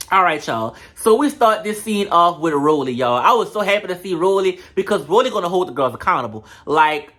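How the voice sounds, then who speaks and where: Sassy host recapping reality tv to camera, mid-pitched, no filter. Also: a bit bright. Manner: blunt, sassy, talks straight to viewers. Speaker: show reviewer. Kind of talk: casual reality-show recap. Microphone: camera mic.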